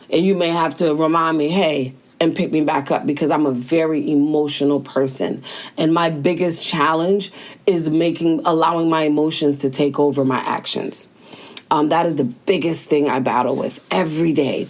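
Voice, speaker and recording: A young woman with a fairly low voice gives motivational advice in a relaxed, slangy, conversational way. She speaks directly to her listener as the host of a daily talk. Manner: casual, conversational, slangy, talks straight to listener.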